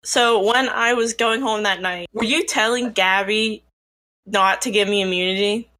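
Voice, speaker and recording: A woman on an online voice call with a bright, forward tone. She asks straight out and runs herself down with a shrug. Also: medium pitch, moderate pace. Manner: direct, self-deprecating. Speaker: castaway. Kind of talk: casual group voice chat.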